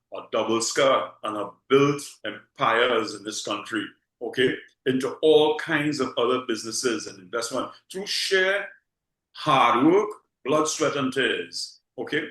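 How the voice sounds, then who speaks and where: A man's voice: medium pitch, a bit bright, roomy sound, poor audio. A man from Trinidad with a Trinidadian accent, chatting casually as a guest, often repeating words and tagging lines with "okay?". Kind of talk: casual conversation.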